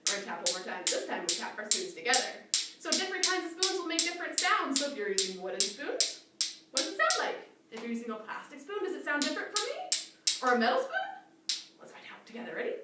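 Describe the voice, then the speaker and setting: A woman's voice: on the high side, animated, fast talker, heavy reverb, recorded from a distance, heavy background noise. A woman, a children's librarian, leading a cheerful storytime and coaxing small children along.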